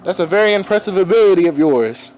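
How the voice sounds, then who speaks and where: A grand superhero mentor hands out slow, booming praise to his young student, as a man puts him on while retelling a fan story. The voice sits a little high for a man. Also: expressive, a little mellow, slight background noise.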